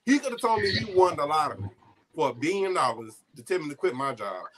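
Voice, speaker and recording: This guest storyteller has a fairly high voice and talks fast as he recounts a personal story during an interview. Emotion runs through it, and now and then he chokes up, close to tears. His retelling is animated, with the people in the story given their own quoted voices.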